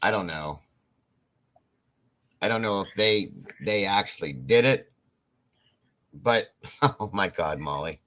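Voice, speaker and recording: A man with a low but bright, forceful voice hosts a casual live-stream chat from home. He talks in a relaxed, rambling way, often pausing on "um" and laughing along the way. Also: rough recording. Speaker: host.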